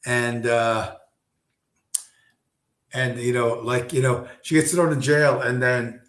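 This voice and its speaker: Man, rambling casual monologue, profane, mid pitch, roomy echo. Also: flat delivery, slow, fairly bright tone. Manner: profane, rambling, full of fillers. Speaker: streamer.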